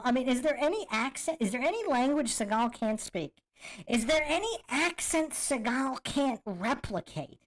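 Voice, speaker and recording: Woman, podcast host, lively swooping voice, fairly high, amused and incredulous, casual commentary. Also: moderate pace. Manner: amused, incredulous, laughs often. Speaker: podcast host reacting to clips. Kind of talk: casual commentary with chat readouts.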